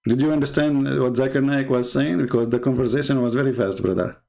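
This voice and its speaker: A man's voice: medium pitch, steady tone, fast, vocal fry, a little mellow. A man hosting polemical commentary, talking in a mocking, sarcastic way and laughing at his own jokes. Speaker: host.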